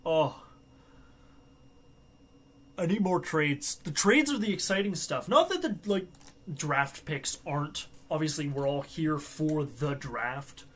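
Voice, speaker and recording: Dude rambling on his stream, jokey, laughs a lot, voice sits a bit high. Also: lively intonation, slow, a bit bright. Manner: joking, chatty, talks to himself, laughs often. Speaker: livestream host. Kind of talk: casual live-stream chat.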